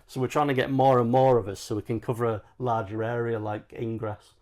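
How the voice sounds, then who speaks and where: Jokey podcast co-host. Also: male voice, medium pitch, brisk. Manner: jokey, tells stories in a relaxed banter. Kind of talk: casual chat.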